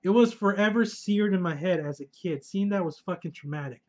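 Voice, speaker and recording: A man's voice: sits high, a little fast, a little mellow. A young adult man chatting casually and enthusiastically at home as a vlogger, swearing and laughing often, on a dull lo-fi recording. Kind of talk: casual collection showcase chat.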